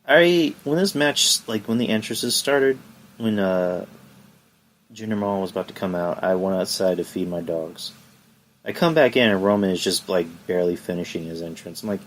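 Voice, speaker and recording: A man's voice: fairly low pitch, normal speed, pauses often, fairly bright tone, a little hiss or hum. Exasperated man ranting on a podcast. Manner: exasperated ranting with repeated rhetorical questions. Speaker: podcast host. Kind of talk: solo wrestling review podcast.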